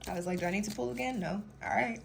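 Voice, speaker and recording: A young woman from Denver, Colorado, gives a chatty, rambling tarot reading, laughing often as she talks casually. Her mid-range voice is gravelly and racing, with noise in the background.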